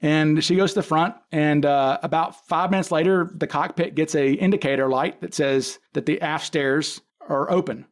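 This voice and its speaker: Pitched fairly high, the man talks at a moderate pace with hardly any pauses. He's a case expert appearing as a podcast guest, recounting events in close detail in a casual way, performing the dialogue he quotes and repeatedly restarting sentences to fix them.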